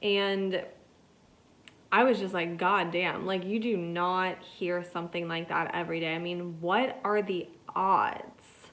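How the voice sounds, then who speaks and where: A woman's voice: on the low side, steady tone, slow pace, fairly bright tone. Chatty woman rambling through a story. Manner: rambling, chatty, heavy use of "like". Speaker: podcast host. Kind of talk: casual solo storytelling.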